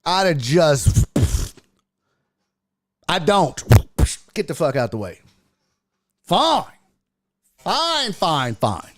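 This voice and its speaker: A man's voice: a little high, sing-song, drawn-out words, pauses often, fairly bright tone, a little hiss or hum. A man hosting a sports stream, telling a story with lots of cursing and quoted voices. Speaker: sports show host. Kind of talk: casual livestream chat and storytelling.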